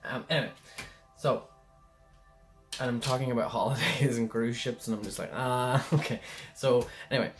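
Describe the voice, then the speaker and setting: A man's voice: medium pitch, fairly even intonation, a little fast, pauses often, soft background music. A man giving a casual pick-a-card tarot reading, rambling and chatty, often checking in with the listener.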